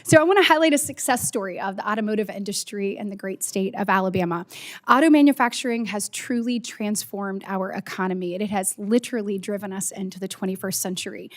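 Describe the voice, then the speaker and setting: Lady senator asking questions at a hearing, polite, earnest, measured. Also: mid-range voice.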